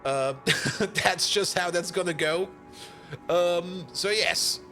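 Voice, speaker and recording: A man's voice: high-pitched, slow, bright, forceful tone, soft background music. A young man streaming a game, chatting casually, joking, rambling and laughing often. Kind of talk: casual live-stream chat.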